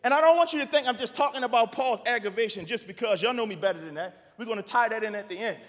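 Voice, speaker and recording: A pastor in his thirties preaching a sermon, animated, rising to shouts and repeating phrases. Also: sits high, fast talker, in a large hall.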